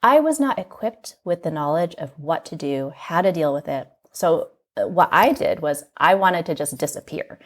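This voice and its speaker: A woman from the United States, a magazine editor and podcast guest, recounting personal memories in an earnest, reflective way, often filling pauses with "like". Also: low voice, animated. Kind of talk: candid personal storytelling in an interview.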